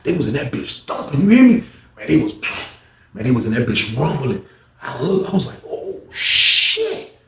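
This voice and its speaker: A man telling a story in casual talk, acting out each person with loud raised voices and dropping to hushed asides. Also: medium pitch, big pitch swings, fairly quick, vocal fry, reverberant, noisy background.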